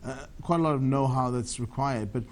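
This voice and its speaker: Guest: South African man in his thirties, rapid-fire and eager, answers ramble with restarts. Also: medium pitch. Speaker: tech entrepreneur guest. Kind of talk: TV business interview.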